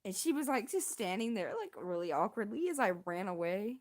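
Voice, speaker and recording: A woman's voice: medium pitch, sing-song, fairly quick, a little mellow. Rambling young woman streamer. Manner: rambling, self-deprecating, slangy. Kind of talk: casual storytelling.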